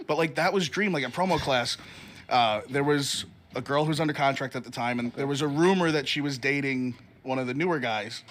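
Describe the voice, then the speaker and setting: A man, a former wrestler, telling anecdotes in a casual studio chat, animated and acting out the other people in his stories. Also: mid-range voice, brisk. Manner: animated, acts out voices in anecdotes, lots of fillers. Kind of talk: casual storytelling.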